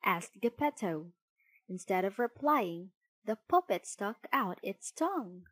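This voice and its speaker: A woman narrating a children's storybook in an expressive, unhurried way. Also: medium pitch, dry recording.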